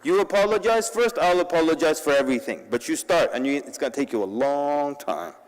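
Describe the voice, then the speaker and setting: A man giving a humorous public talk at a convention, telling stories in an animated way and mixing in Arabic words. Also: a little high, a little fast, big-room sound, rough recording. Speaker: convention speaker. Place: large convention hall.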